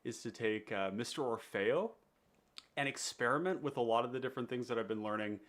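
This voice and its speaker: A man's voice: medium pitch, brisk, fairly bright tone. A man with a nasal, congested voice, hosting a live stream in an easygoing, rambling way with many fillers. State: under the weather, congested. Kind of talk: casual live stream chat.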